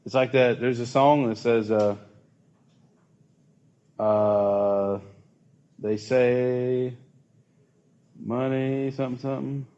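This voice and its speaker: A man's voice: medium pitch, steady tone, drawn-out words, pauses often, dark tone, dull audio. A man leading a casual church youth group talk, chatty and asking the group questions.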